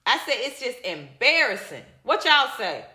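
A slightly high, bright woman's voice with a forceful tone and big pitch swings moves at a moderate pace through a heated, casual opinion rant. As a livestream commentator reacting to viewer comments, she is emphatic, blunt, and repetitive, and she swears; the sound is roomy.

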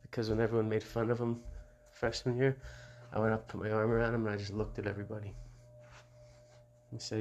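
A middle-aged man holds forth on his own show in a loose, profane monologue. His voice sits low and gravelly, with a rough fry at the ends of phrases. He rambles bluntly and laughs between remarks. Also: flat delivery, brisk, a little mellow, slight background noise. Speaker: show host.

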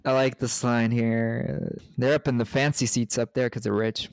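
A man's voice: mid-range voice, fairly even intonation, normal speed, smooth, no echo. A man from the United States co-hosting a casual movie podcast, rambling through the plot with jokes and frequent laughs. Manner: rambling, joking, laughs often. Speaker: podcast co-host. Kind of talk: casual movie recap chat.

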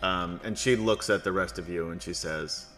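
New man as game master, bright and forceful tone, easy storytelling with frequent ums. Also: deep voice, moderate pace, soft background music. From New York. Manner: relaxed storytelling with frequent ums, joking asides. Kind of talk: narrating a tabletop game.

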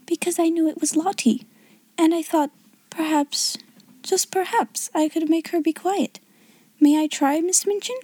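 A woman voicing a calm, thoughtful little girl in a soft half-whisper. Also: extremely high pitch, unhurried, no room sound, pitched above the performer's own voice. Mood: gentle.

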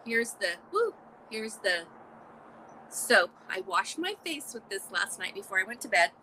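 A woman hosting a casual live morning chat, exclamatory and chatty, with a scratchy throat she keeps clearing. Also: medium pitch, sing-song, measured pace, sharp tone. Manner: chatty, exclamatory, frequent little laughs. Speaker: podcast host.

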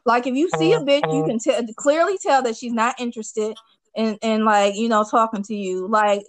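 A woman's voice: on the high side, moderate pace, dry recording, poor audio. A woman hosting a casual chat, telling stories bluntly and with lots of energy. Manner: blunt, animated storytelling with profanity. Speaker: podcast host.

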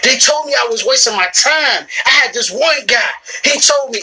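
A woman delivering a motivational talk to camera from her shop, emphatic and preachy, hammering the same lines again and again. Her voice sits a little high and comes across bright and forceful. She keeps calling her listeners bro and sis. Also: animated, moderate pace, hardly any pauses, breathy edge, rough recording. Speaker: business owner.

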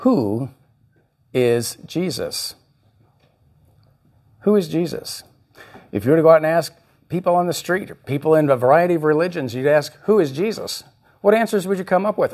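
Guy pastor preaching, slightly husky voice, really animated, acts out the quotes. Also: fairly high pitch, moderate pace, long pauses. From United States. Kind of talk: sermon.

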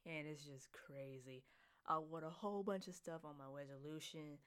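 A woman's voice: low-pitched, moderate pace, clear, resonant tone. Giggly, rambling woman podcast host. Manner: excited, giggly and rambling, repeating herself. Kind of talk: casual solo podcast chat.

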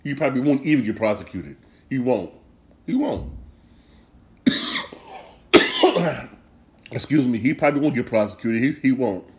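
A man's voice: medium pitch, wildly swooping pitch, measured pace, pauses often. Rambling, cursing man hosting a solo talk show. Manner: rambling, repeats phrases, swears freely. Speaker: podcast host.

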